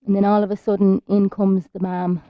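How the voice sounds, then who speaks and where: A woman's voice: mid-range voice, little pitch movement, a little fast, no room sound. An Irish woman leading a yoga class, talking through the poses in a soothing, chatty way. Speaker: yoga teacher. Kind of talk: guided yoga class instruction. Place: outdoors in a park. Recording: dull lo-fi sound.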